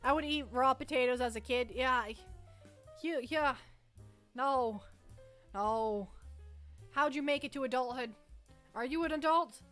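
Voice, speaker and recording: A woman's voice: high-pitched, measured pace, pauses often, a bit bright, faint music behind. A young Canadian woman hosting a livestream, rambling casually with her chat and often restarting her sentences. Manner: rambling, chatty, self-interrupting. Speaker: livestream host.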